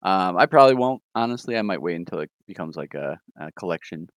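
Smooth deep-voiced man, casual podcast chat. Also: animated, quick pace, dry recording. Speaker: podcast co-host reviewing new comics.

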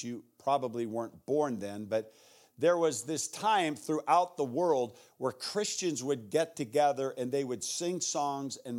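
A guest pastor with an American accent preaching a sermon. He acts out shouted voices from the story and drops to a hushed tone when he prays. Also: mid-range voice.

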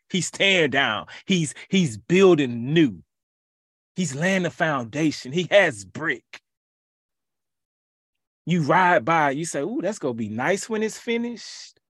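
Emphatic preacher man, lively pitch. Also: dry recording, clean studio sound. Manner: emphatic, repetitive preaching with rhetorical questions. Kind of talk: sermon.

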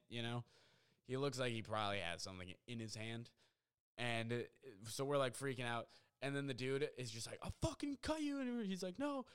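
A young man records a solo podcast at home and talks through a story in a loose, rambling way. His voice sounds smooth and resonant, and his pitch sits in the middle of the male range. He keeps piling on fillers and gets excited as he goes. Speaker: podcast host. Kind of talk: casual storytelling monologue. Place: apartment at home.

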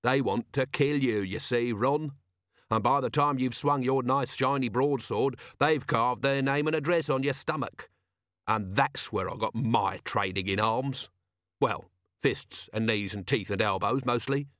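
A man's voice: medium pitch, unhurried, a bit bright, no echo, lightly acted. A hard-bitten city watch commander, as a male audiobook narrator plays him, with a dry, sarcastic streetwise edge. His mid-range voice sounds plain and close-miked in a dead studio. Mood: sardonic. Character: gruff, sardonic middle-aged male city watch commander.

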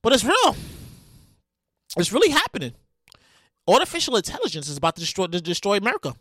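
A podcast host, heard as a woman, ranting excitedly, often stammering and repeating herself, sometimes shouting and making dramatic outbursts. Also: mid-range voice, fast, slightly rough, no echo. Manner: sound effects and dramatic outbursts. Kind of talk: excitable comedic rant.

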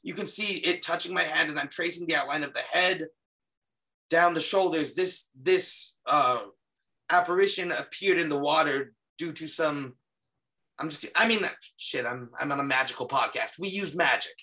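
An earnest man walks listeners through his paranormal case footage on a podcast. His voice sits a touch high and sounds bright, and it carries a faint wear, as if he has been talking all week. He often stops and restarts mid-sentence. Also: normal speed. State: slightly losing his voice. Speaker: paranormal investigator guest. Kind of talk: casual podcast presentation.

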